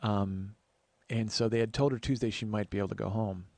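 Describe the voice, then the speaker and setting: Man in his 40s as a podcast host, gravelly voice, quick chatty storyteller with swearing, dry close recording. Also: lowish voice, fairly even intonation, a little mellow, dry recording. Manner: chatty, swears casually, acts out quoted voices. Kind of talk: casual storytelling monologue.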